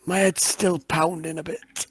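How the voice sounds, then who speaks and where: A man's voice: on the high side, little pitch movement, measured pace, slightly rough, pitched above the performer's own voice. A man playing a simple, wary prisoner who follows his brother's plans, speaking in a Yorkshire accent and hesitating often. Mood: agreeable. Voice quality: hesitant, stammering. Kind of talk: tabletop role-play in character.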